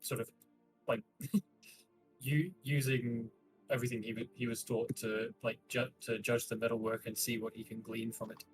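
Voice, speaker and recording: A man's voice: medium pitch, flat delivery, moderate pace, music in the background. A man playing a tabletop game, speaking casually with stumbling restarts. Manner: stumbling restarts, laughing asides. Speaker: player.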